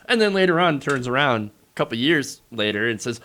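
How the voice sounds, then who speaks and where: Sarcastic guy doing political commentary, kinda high voice, pitch bouncing all over. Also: expressive, fairly quick, hardly any pauses, pushed and bright. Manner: sarcastic, mocking.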